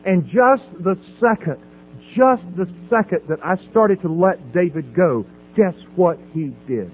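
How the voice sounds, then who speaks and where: A middle-aged man giving a personal testimony at a recovery meeting podium, dramatic, swinging from loud emphasis to hushed quiet. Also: sits high, lively intonation, unhurried, phone-quality sound. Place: at a podium before an audience. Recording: phone-thin audio with faint hum.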